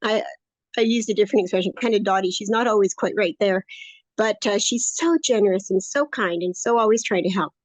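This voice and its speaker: A woman's voice: mid-range voice, brisk, no echo, rough recording. A woman in her late sixties, talking in a chatty, upbeat, rambling way as a guest in an interview. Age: 60s. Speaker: course student interviewee. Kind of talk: casual interview conversation.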